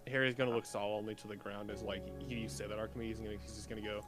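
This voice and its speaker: Casual male player, lowish voice. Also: level tone, fast talker, over loud music. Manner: casual, filler-heavy. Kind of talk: tabletop game play.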